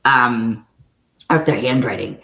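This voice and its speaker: Lively woman coach in an echoey room. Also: rumbling low, creaky. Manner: lively, acts out dialogue in quick back-and-forth. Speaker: real estate coach. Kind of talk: storytelling coaching talk.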